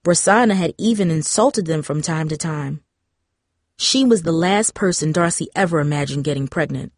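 A woman reading a story aloud in steady, scripted narration. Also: deep voice, moderate pace, no echo, studio quality. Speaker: audiobook narrator.

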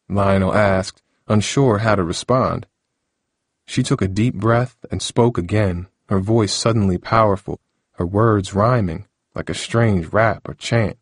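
A man reads a novel aloud in a steady, measured way. His voice sits very low and the recording is dry and close. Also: no echo. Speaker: narrator. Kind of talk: audiobook narration.

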